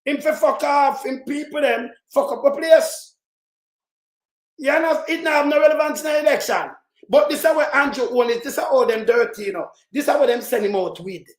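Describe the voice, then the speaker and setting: A speaker with a Jamaican accent giving an angry, profane political rant that keeps breaking into shouts. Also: high-pitched, moderate pace. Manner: profane, heated, shouts in bursts. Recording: roomy echo.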